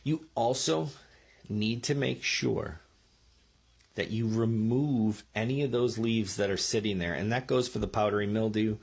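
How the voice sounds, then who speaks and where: Speaking into a microphone, a man gives casual gardening advice in a fairly low, gravelly, slightly rough voice at a measured pace. His instructional talk is chatty, and he keeps checking in with the listener by asking "okay?" and "right?"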